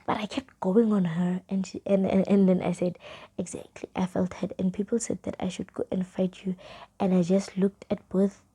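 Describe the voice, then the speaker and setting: A young South African vlogger with a South African accent tells a casual storytime, reading old chat messages in a soft, half-whispered way. Her medium-pitched voice is slightly rough, with flat delivery at a moderate pace.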